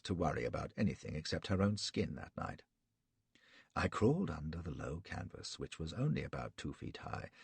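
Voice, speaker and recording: A man's voice: extremely low pitch, creaky, slightly rough, no echo. A man narrating an audiobook in the first person, in a wry, sardonic storytelling manner.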